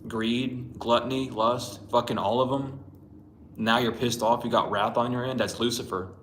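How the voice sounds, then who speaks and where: Man, tarot reader, blunt and profane, mid pitch, echoey room. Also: steady tone, moderate pace, a bit bright, slight background noise. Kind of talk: casual spiritual reading rant. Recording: roomy echo.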